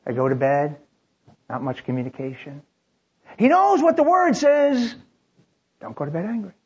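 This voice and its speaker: A man's voice: sits high, wildly swooping pitch, moderate pace, darkish tone, slightly rough, dull audio. A man preaching, telling a story in the third person in short dramatic lines with frequent restarts. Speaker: pastor. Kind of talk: sermon storytelling.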